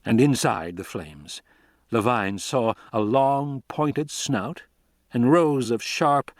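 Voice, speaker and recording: A man narrating an audiobook in a steady, measured reading voice, recorded close to the mic. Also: medium pitch, no echo. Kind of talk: scripted narration.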